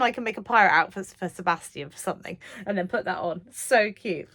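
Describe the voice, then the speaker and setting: A woman's voice: mid-range voice, a little fast. A woman in her thirties chatting to camera about sewing from her home sewing room, gushing and chatty, sometimes dropping to a whisper. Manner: gushing, chatty, drops to whispers when excited. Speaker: sewing vlogger. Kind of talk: casual chat to camera.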